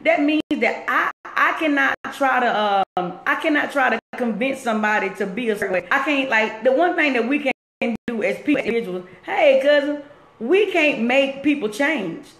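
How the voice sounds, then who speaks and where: A woman's voice: high-pitched, lively intonation, moderate pace, fairly bright tone. A woman talking on a live stream from work, earnest and preachy, repeating her points as she encourages viewers. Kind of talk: casual live-stream talk. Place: at work, roomy space. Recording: echoey room.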